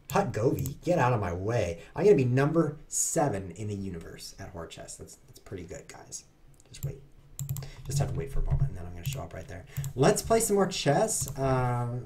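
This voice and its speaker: A man's voice: lowish voice, vocal fry, warm tone, a little hiss or hum. A man streaming online chess, chatting to his viewers in a playful, self-mocking way as he plays. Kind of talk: live-stream commentary while playing.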